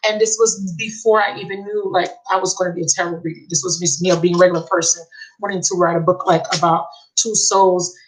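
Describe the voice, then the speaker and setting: A woman giving a live tarot reading, excitable and emotional, repeating key phrases. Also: on the low side, fairly quick, poor audio. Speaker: tarot reader.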